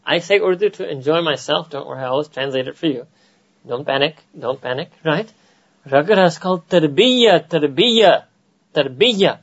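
A man with an American accent giving an animated religious lecture to a gathering, often asking "right?" and dropping in Urdu phrases. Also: a little high, moderate pace, breathy edge, muffled recording. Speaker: Islamic teacher.

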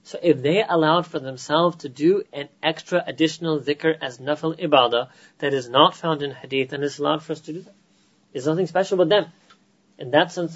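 A man with an American accent giving an animated religious lecture to a gathering, often asking "right?" and dropping in Urdu phrases. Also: a little high, slightly rough, lo-fi sound. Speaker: Islamic teacher.

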